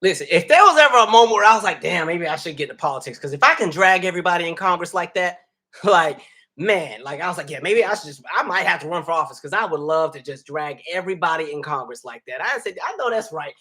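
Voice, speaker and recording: A man's voice: fairly high pitch, fast talker, sharp tone. A man hosting a casual livestream, talking animatedly, laughing and reading viewer comments aloud. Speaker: livestream host.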